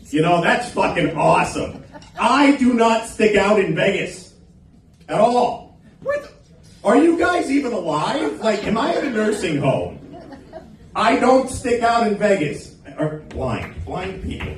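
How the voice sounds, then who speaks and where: Male stand-up comic, crude crowd-teaser, fairly high voice, heard from afar in a roomy club. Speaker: stand-up comedian. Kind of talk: open mic stand-up set. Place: small comedy club stage. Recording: echoey club, recorded from a distance.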